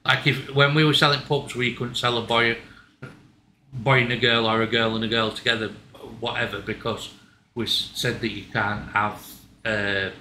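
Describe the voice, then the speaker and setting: A man's voice: mid-range voice, little pitch movement, moderate pace, bright, forceful tone. A man chatting casually at home, blunt, stumbling over his words and swearing. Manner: blunt, stammering restarts, swears. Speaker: co-host. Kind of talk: casual chat. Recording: echoey room, faint ambient noise.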